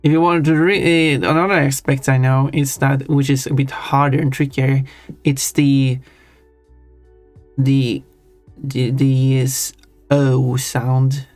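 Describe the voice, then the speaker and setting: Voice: mid-range voice, little pitch movement, slow pace, a little mellow, no echo. A live streamer chatting casually while drawing, musing in a rambling, self-deprecating way. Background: faint chill background music.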